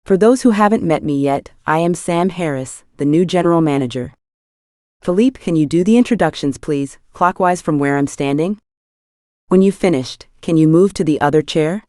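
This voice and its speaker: A woman voicing a calm, firm female general manager who speaks directly, in an audiobook. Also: low-pitched, normal speed, no echo, studio quality, lightly acted. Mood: commanding. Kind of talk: audiobook character voice.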